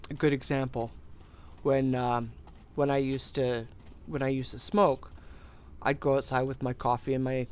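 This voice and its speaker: While playing, an adult gaming streamer drifts slowly and unhurriedly between anecdotes in casual rambling storytelling, chuckling, sighing, and swearing mildly to keep things loose. The voice is clear and resonant at an ordinary middle pitch.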